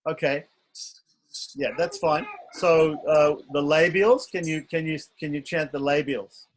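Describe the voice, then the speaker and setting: A man leads an online pronunciation class, speaking very slowly and stretching out each syllable so students can copy it. His voice sits a little high for a man. The sound comes through a video call. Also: fairly even intonation. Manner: slow, patient, overemphasized syllable drills. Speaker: Sanskrit pronunciation teacher.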